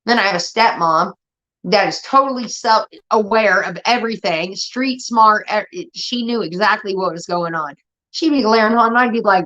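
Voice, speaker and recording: A woman's voice: medium pitch, normal speed. Profane woman telling family stories. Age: 30s. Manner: profane, animated, acts out family members. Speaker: streamer. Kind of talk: casual storytelling. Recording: dull lo-fi audio.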